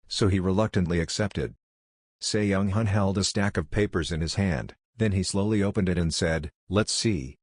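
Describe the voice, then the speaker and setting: Deep dry-voiced male recap narrator. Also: no echo.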